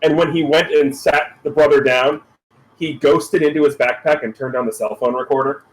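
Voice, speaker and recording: A man's voice: a little high, steady tone, normal speed, low-quality recording. A man playing in a tabletop game, casually explaining his character's plans. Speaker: player.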